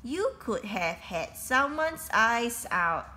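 A woman voicing a pompous male headmaster who tries hard to sound stern, speaking slowly and emphatically. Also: fairly high pitch, very animated, pushed and bright, heavily acted. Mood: scolding. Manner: slow, emphatic, putting on authority.

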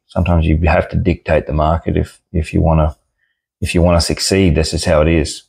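A man's voice: extremely low pitch, flat delivery, fairly quick, gravelly, darkish tone, husky. A young Australian man ranting casually about an online argument, blunt and sweary. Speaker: card seller and channel host.

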